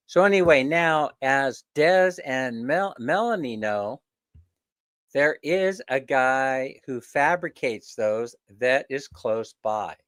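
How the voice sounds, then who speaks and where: A man's voice: a little high, a bit bright, no room sound, clean studio sound. A man hosting a casual live chat with viewers, telling stories, chuckling often, and mimicking the people he quotes. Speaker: host.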